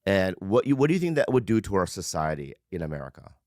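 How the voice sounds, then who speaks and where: A male podcast co-host trading jokes in casual banter, his pitch swinging up and down. He swears freely and stumbles through restarts. The sound is dry and close. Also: big pitch swings, a little mellow, no echo. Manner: playful, swearing, halting restarts.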